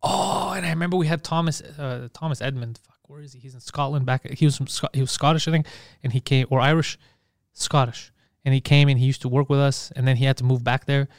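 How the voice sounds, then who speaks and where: A man co-hosting a podcast, telling stories in an animated, profane, laughing way. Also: mid-range voice, quick pace, dry recording, clean studio sound. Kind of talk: casual storytelling chat.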